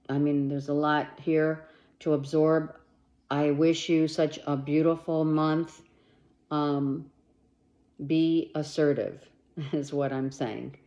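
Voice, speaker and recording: A woman's voice: low voice, a little mellow, muffled recording. A woman giving a monthly tarot reading straight to the listener, blunt and emphatic, swearing freely and urging them on. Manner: talks straight to the listener with urgent reassurance. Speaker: tarot reader.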